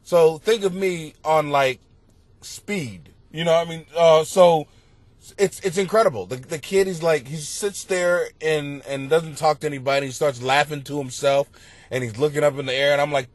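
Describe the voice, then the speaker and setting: A middle-aged male comedian telling rambling, profane stories on his podcast, bursting into loud exclamations. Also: fairly high pitch, moderate pace, no echo. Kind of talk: comedic storytelling monologue. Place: basement at home.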